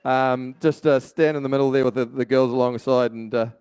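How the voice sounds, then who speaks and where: A man's voice: mid-range voice, steady tone, darkish tone, smooth. A man interviewing a boxer at a weigh-in, chatty and often restarting his sentences. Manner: chatty, laughing, halting restarts. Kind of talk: casual interview banter.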